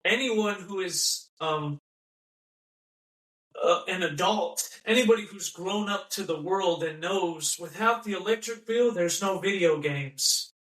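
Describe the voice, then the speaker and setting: A man's voice: high-pitched, a little slow, a bit bright. A man hosting a podcast in an impassioned, mocking monologue, repeating himself and acting out the voices of people he quotes. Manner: ranting, repetitive, mocking, acts out quoted voices. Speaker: podcast host. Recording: echoey room, voice from a distance.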